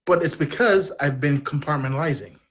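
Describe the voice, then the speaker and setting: A man's voice: on the high side, a little fast, fairly bright tone, breathy edge. A man, a podcast guest speaking openly and in a rambling, self-deprecating way. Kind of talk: candid personal storytelling.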